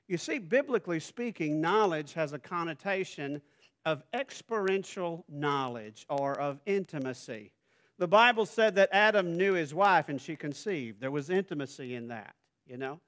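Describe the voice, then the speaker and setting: A middle-aged male pastor with a Southern accent delivers a sermon, talking easily with his congregation and then pressing his points with loud emphasis. His voice sits somewhat high for a man. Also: lively intonation, normal speed. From Southern Arkansas. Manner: conversational preaching that rises to loud emphatic passages.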